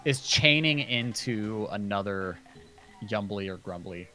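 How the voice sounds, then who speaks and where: A man casually commentating a speedrun race, chatty and quick, with plenty of fillers. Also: on the low side, expressive, bright, forceful tone, soft background music.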